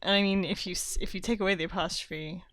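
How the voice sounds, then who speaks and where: A woman's voice: mid-range voice, steady tone, fast, a bit bright, no echo. A woman co-hosting a book podcast, laughing easily and musing over word choices in a questioning way. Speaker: podcast co-host. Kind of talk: casual book-club chat.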